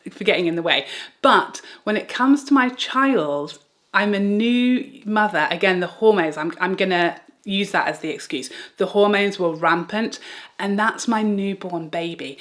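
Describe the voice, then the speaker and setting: A young woman vlogger telling a personal story in a dramatic, animated way and laughing as she talks. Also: mid-range voice. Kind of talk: storytelling chat.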